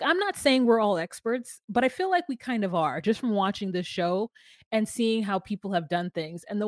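A woman's voice: medium pitch, dry recording. Chatty woman podcaster, dry close sound. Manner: chatty, joking, sings silly made-up lyrics. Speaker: podcast co-host. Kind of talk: casual recap chat.

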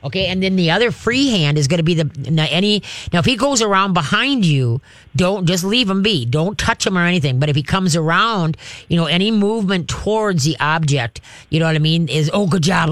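A man hosting a call-in radio show, giving pet advice in an animated way and acting out cheerful coaching voices. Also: high voice, brisk, no room sound. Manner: animated, acts out coaching voices, laughs often.

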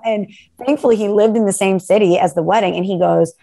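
A woman's voice: medium pitch, fast, vocal fry. Chatty woman telling a story. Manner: animated, acts out quoted lines. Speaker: co-host. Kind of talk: casual chat, storytelling.

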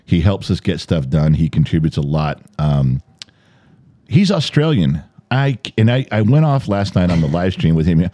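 American male podcast host, low mellow voice, lively storyteller, dry room. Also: normal speed, dry recording. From United States. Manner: animated, jumps high in pitch for quoted lines, swears freely. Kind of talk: casual storytelling chat. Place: home studio.

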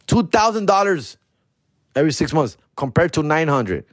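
A man hosting a comedy podcast and telling a profane, slangy story, dropping in Spanish slang and jumping high in pitch when he quotes himself. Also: big pitch swings, normal speed, dry recording, clean studio sound. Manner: jumps high in pitch for his own quoted outbursts. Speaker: podcast host.

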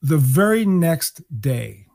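A man in his sixties from New York, a guest musician telling animated stories and acting out the people he quotes. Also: a little high, slow pace, vocal fry. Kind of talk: storytelling interview.

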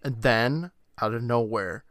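A man's voice: medium pitch, measured pace, no room sound. Man in his thirties recapping a show. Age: 30s. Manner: relaxed storytelling with "like" fillers. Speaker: podcast co-host. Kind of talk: casual chat, recapping an episode.

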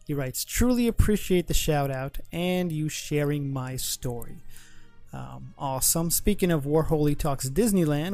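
A man co-hosting a casual podcast, chatty and quick to laugh, with frequent restarts. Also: on the high side, a little mellow. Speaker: podcast co-host. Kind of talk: casual chat.

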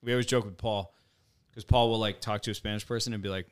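A middle-aged man co-hosting a casual podcast, joking and jumping in with quick remarks. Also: on the low side, clean tone. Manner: quick interjections, jokey, lively delivery. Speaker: podcast host. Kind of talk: casual chat.

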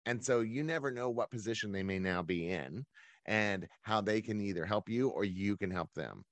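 A man's voice: on the low side, normal speed, no echo. A man who runs his own events business, telling his career story as a guest in a conversational interview.

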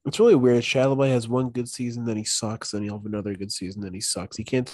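A man's voice: mid-range voice, little pitch movement, fast talker, a little mellow. A man co-hosting a casual sports chat, laid-back and matter-of-fact.

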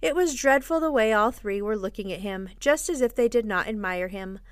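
A woman host reading a children's classic aloud in an expressive, measured storybook style. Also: mid-range voice, no room sound, studio quality. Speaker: podcast host and reader. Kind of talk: storybook narration.

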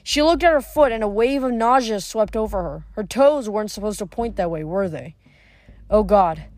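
A woman reading a novel aloud, stumbling now and then over words, giving the characters' lines small changes of voice. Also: fairly high pitch. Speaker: reader. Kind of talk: audiobook reading.

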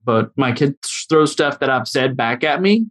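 Relaxed man guest, dry close sound. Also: medium pitch, normal speed, no echo. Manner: relaxed, self-deprecating, laughs along. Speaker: guest, business owner. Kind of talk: casual conversational interview.

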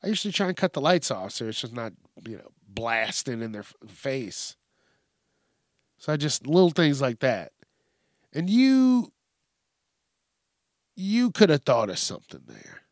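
A man's voice: medium pitch, very animated, moderate pace, no room sound, clean studio sound. A man hosting a casual news podcast, rambling and swearing with lots of fillers, talking at a microphone on a stand. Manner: rambling, profane, frequent fillers. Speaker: podcast host. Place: home studio with a mic stand.

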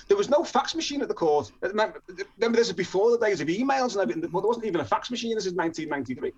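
A man's voice: high voice, animated, racing, hardly any pauses, husky, lo-fi sound. A man from northern England telling a personal story in a chatty way, with frequent restarts and chuckles.

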